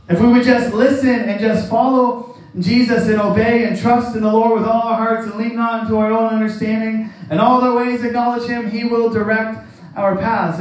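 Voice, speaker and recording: High-voiced preacher in an echoey room. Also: male voice, darkish tone. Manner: folksy, chuckles often, acts out quoted voices. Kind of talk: conversational sermon. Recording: very echoey room, voice from far off the mic.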